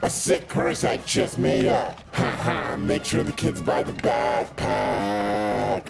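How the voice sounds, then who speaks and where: A man putting on a gravelly, whispery sneering studio executive. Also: lowish voice, monotone, slow, loud music behind the voice, exaggerated voice. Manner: sneering and mocking. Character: smug male studio executive on voicemail.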